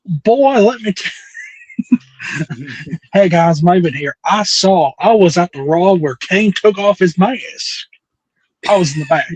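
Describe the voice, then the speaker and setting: A man's voice: high voice, measured pace, long pauses, slightly rough, no echo, full character voice, low-quality recording. A man putting on a boastful wrestler's voice with a put-on Southern drawl, in a comedic impression. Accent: put-on American Southern. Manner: boastful, cocky, deadpan.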